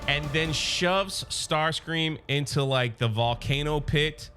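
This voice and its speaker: Male comic recapper, excitable fan energy, forceful slightly high voice, faint music under. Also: takes it slowly. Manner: excited fan, openly biased and chatty. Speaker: comic book reviewer. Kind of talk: casual comic recap commentary.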